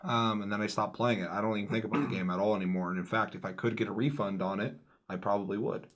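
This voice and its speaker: A man co-hosting a casual gaming talk show, laughing and swearing as he tells excitable stories. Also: lowish voice, fast. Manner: laughing, profane, excitable storytelling. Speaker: podcast co-host.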